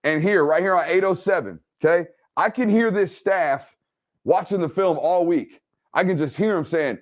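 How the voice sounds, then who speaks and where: A man hosting an energetic game film breakdown. He keeps checking in with "right?" and "okay?". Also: sits high, moderate pace, highs cut off. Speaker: football film analyst and host.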